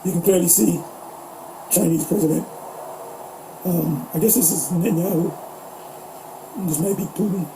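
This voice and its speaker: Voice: mid-range voice, steady tone, normal speed, gravelly, pauses often, background noise. A co-host talking casually about politics, rambling, swearing and fumbling for words. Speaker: podcast co-host.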